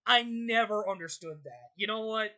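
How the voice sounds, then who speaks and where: A young woman hosting her channel, ranting in casual commentary, exasperated and swearing, her voice jumping high in outbursts. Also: moderate pace, bright, forceful tone. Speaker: channel host.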